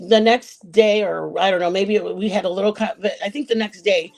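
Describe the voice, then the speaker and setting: A woman's voice: medium pitch, steady tone, fairly quick, creaky, darkish tone. A woman on a livestream panel casually recounting a chat-room dispute, rambling and often correcting herself. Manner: rambling, self-correcting retelling.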